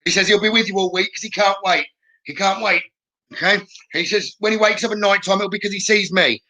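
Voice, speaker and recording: A man speaks as a psychic medium on a live stream. His voice sits high and sounds bright and forceful, and he talks in a chatty way, passing on messages and checking in with a quick "okay?". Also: fairly even intonation. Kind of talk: live-streamed spirit readings.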